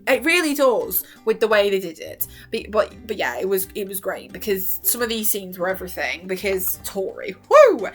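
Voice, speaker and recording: A woman chatting through a TV recap in a rambling, casual way. She laughs often and slips into quick quoted asides. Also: mid-range voice, expressive, soft background music. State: hoarse after long talking. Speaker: vlogger.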